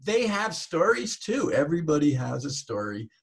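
Male interview host, quick chatty delivery, slightly high husky voice. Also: big pitch swings. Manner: quick, chatty storytelling, sound effects in his anecdotes. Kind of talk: casual interview chat.

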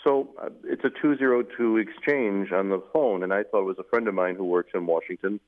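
A middle-aged man, a newly appointed Catholic bishop, telling his story at length in a measured way, with fillers. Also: fairly low pitch. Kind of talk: interview storytelling. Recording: tinny phone-like radio audio.

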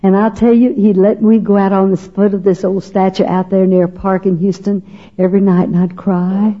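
Older texas lady telling her faith story, chatty and funny, mid pitch, a bit breathy. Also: flat delivery, fairly quick, dark tone, dull audio. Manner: humorous, chatty, emotional, acts out the voices of others. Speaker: speaker giving a personal testimony. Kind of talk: folksy storytelling testimony.

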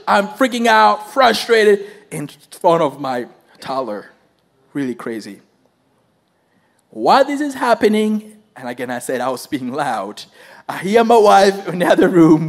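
A man preaches with a high voice that leaps up and down, telling a story straight to the congregation. He laughs easily as he talks and keeps asking the room for answers. The delivery is animated and sermon-like.

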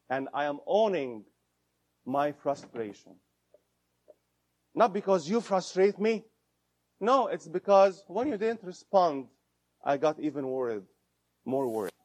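A man teaching a room of listeners, speaking at a slow, deliberate pace. His voice sits a little higher than most men's. He repeats key points and stops to quiz the audience. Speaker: instructor. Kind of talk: interactive lecture to an audience.

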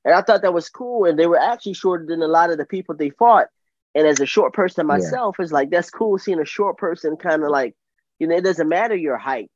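A fairly high-voiced man chats eagerly as a podcast host, laughing easily and tripping over his own sentence starts. The sound is dry and close, with a dull, lo-fi tone. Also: fairly quick, no echo. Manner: enthusiastic, laughs often, restarts sentences. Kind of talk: casual fan chat.

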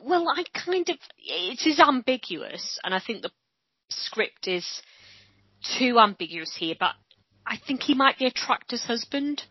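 A woman's voice: fairly high pitch, very animated, unhurried, husky, dry recording. A woman co-hosting a podcast, giving her thoughtful, hedged opinions on a TV episode. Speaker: podcast co-host. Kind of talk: casual chat discussing a TV episode. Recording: dull lo-fi dry recording.

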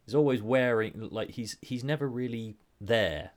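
A young man casually talking through film scenes on a podcast, chatty with quick asides. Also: mid-range voice. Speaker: podcast host.

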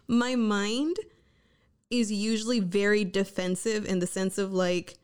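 A woman's voice: mid-range voice, fairly even intonation, moderate pace, smooth. A young woman co-hosting a casual chat, blunt and playful, often laughing. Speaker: podcast co-host.

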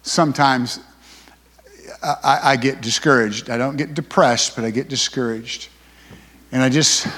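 An older man preaching a sermon as pastor, folksy, swinging from loud emphasis to hushed asides. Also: mid-range voice, normal speed, pauses often, slightly rough. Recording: long hall reverb.

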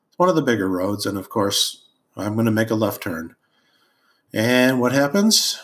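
A man hosting a podcast, telling a childhood story in a rambling, amused way with many ums and uhs. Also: fairly low pitch. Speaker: podcast host. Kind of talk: casual storytelling monologue.

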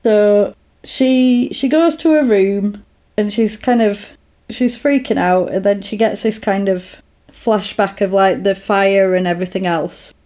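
Woman, casual podcast chat, rambling retelling, warm mellow tone. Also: mid-range voice, measured pace. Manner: rambling, animated retelling with lots of fillers.

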